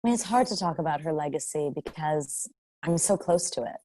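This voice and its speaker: A woman guest in an interview, her voice sitting a bit low for a woman. She talks in a reflective, earnest way, circling back and restarting as she thinks. The sound is close and dry. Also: animated, brisk, warm tone, no echo. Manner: reflective, earnest, with frequent "you know" and restarts. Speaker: voice actor guest. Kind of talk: casual interview.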